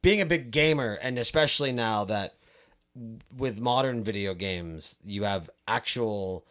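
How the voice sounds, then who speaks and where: A man's voice: lowish voice, a little slow, a bit bright. Enthusiastic man hosting a podcast. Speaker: podcast host. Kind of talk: casual podcast interview chat.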